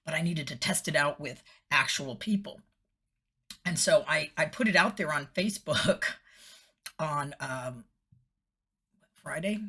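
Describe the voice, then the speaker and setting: A woman's voice: low-pitched, a little slow, long pauses, a bit bright, breathy edge. A middle-aged woman, a former TV host, chatting casually in a personal vlog, laughing often and slipping into whispery voices when quoting.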